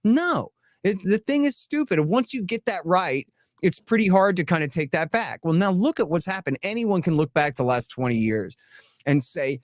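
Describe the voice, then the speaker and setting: A blunt, emphatic man talking as a podcast guest, his voice pitched a bit higher than most men's. He argues with rising force and rattles off lists in quick bursts. The sound is close and dry, with no room around it. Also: dry recording. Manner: emphatic, blunt and animated, piling up rapid lists; mocking tone when voicing opponents. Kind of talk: casual podcast conversation.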